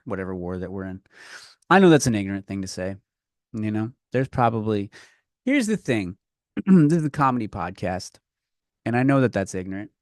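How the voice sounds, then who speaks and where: A young man hosting a comedy podcast, ranting in a rambling, profane way that swings between loud outbursts and muttering. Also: on the low side, no room sound, studio quality. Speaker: podcast host. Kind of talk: comedic rant.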